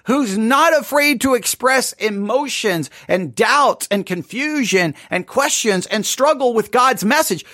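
A man preaching a sermon, impassioned, with frequent stammering restarts and sudden bursts of shouting. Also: very high-pitched, no room sound, studio quality. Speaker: pastor.

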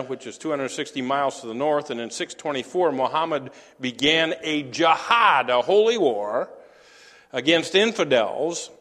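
A man delivers a teaching sermon at a slow, deliberate pace, stopping often to hesitate and restart. His voice sits at an ordinary middle pitch, and it carries a long reverberant tail, as if he is speaking in a large hall. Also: fairly bright tone. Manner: halting, many fillers and restarts. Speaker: preacher.

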